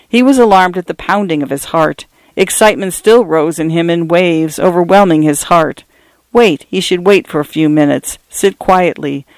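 A man narrating an audiobook in a measured, steady storytelling manner. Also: sits high, no room sound.

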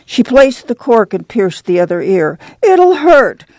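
A reader narrating a novel in a steady, measured storytelling manner. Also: medium pitch, gravelly, no echo. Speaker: audiobook narrator.

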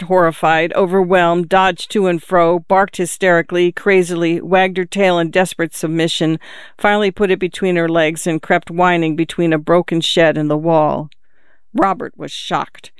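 A narrator reading a novel aloud in a measured, calm storytelling manner, lifting the pitch for the characters' lines. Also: clear, resonant tone, no echo, clean studio sound.

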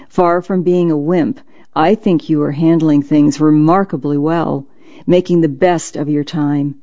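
A narrator reading a memoir in a gentle, measured, reassuring way. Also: mid-range voice, lo-fi sound. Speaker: audiobook narrator.

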